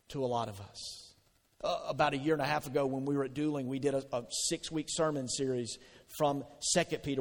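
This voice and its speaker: A man preaching a sermon as pastor, conversational and animated, asking the congregation questions. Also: mid-range voice. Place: church sanctuary. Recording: long hall reverb.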